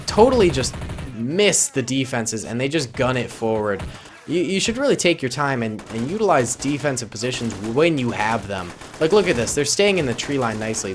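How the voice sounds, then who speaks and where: A man in his twenties giving excitable, goofy, chatty commentary over a battle simulation game. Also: mid-range voice. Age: 20s. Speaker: gaming YouTuber. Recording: gunfire and battle noise under voice. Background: game gunfire and explosions.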